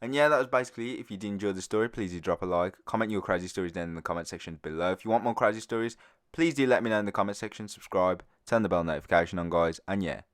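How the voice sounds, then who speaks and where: A teenage man, hosting a storytime video in a rambling, animated, casual way. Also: low voice, racing, no echo, clean studio sound. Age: teens. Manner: rambling, animated, with frequent fillers. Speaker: storytime channel host.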